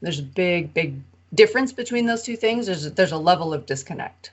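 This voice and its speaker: A woman co-hosting a podcast, retelling a parable in an animated, casual way. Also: on the low side, fairly quick, breathy edge, lo-fi sound. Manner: animated retelling with acted-out quotes. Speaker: co-host of a Bible study podcast.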